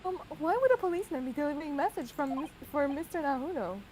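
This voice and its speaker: A woman reads a prim young female assistant in a video game playthrough, with a high voice. She speaks in a polite, proper way. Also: lively intonation, quick pace, a little mellow, a little hiss or hum.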